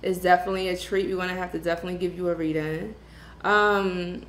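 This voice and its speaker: A woman from Brooklyn, hosting a tarot livestream in casual chat and greeting viewers with slangy shout-outs. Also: lowish voice, level tone, fast, slight background noise. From Brooklyn, New York. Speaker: tarot reader livestream host. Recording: echoey room with faint ambience.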